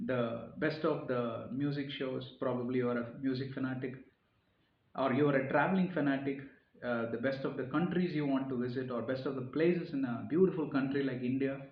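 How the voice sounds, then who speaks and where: A man's voice: mid-range voice, a little fast, roomy sound, dull audio. A man giving an earnest, sermon-like reflection, often repeating phrases and pushing his key points harder. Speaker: speaker giving a reflective talk. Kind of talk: informal sermon-style reflection.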